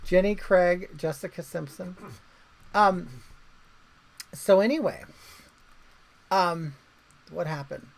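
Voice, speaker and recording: A woman's voice: lowish voice, slow pace, creaky, pauses often, low-quality recording. A woman hosting a livestream in casual chat, rambling along and reading viewer comments aloud. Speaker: livestream host.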